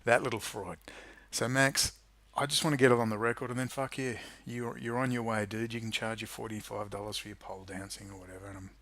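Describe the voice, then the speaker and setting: Talking fast with few pauses, a male political commentary YouTuber launches into an angry, sarcastic rant to camera, swearing freely. His voice is fairly low in pitch, flat in delivery, and a bit bright.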